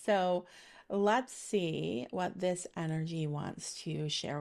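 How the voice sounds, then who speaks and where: Middle-aged woman, low voice, chatty spiritual reader, rambling with fillers. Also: takes it slowly, gravelly, a little mellow. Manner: chatty and meandering, many fillers, laughs easily. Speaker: spiritual reader giving a monthly energy reading. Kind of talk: casual intuitive reading.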